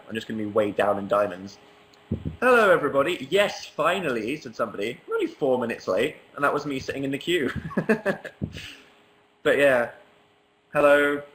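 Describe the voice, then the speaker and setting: A man's voice: medium pitch, a bit bright, rough recording. A young English man chatting casually on a livestream from his apartment living room, reading viewer comments aloud with a wry, self-mocking humor. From England. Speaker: livestream host.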